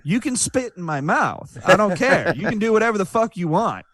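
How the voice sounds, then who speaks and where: A man's voice: sits high, expressive, fairly quick, fairly bright tone, dry recording. A man co-hosting a comedy podcast, swearing freely and ranting emphatically. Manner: crude, profane, emphatic. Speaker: podcast co-host. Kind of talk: casual banter.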